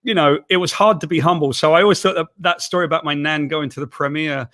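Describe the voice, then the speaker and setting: A middle-aged man from Wales, reminiscing in a chatty, animated way in a casual video chat. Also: on the high side, quick pace. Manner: chatty, animated, laughs while telling. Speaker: comics writer, co-host.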